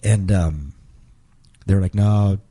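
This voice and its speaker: A middle-aged man as an interview guest, telling an emotional personal story in a halting way, repeating words and acting out quotes. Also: sits low, mellow, breathy edge.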